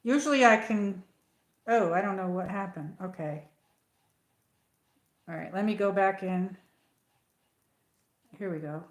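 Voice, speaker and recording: A woman's voice: mid-range voice, measured pace, pauses often. A woman hosting a casual livestream from home, telling a story with lots of fillers and restarts. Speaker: livestream host. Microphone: tablet. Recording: echoey room.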